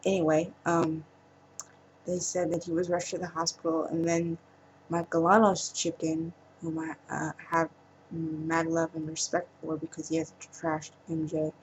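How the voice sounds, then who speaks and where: A woman speaking in a personal vlog monologue, halting and emotional, trailing off with pauses. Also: sits low, completely flat delivery, a little hiss or hum, poor audio. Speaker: vlogger.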